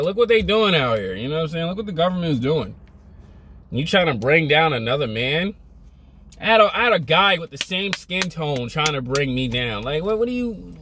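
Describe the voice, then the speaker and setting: A man's voice: sits high, a bit bright. Emphatic young man ranting motivation. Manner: emphatic, repetitive, scolding. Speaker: vlogger. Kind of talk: motivational rant to camera.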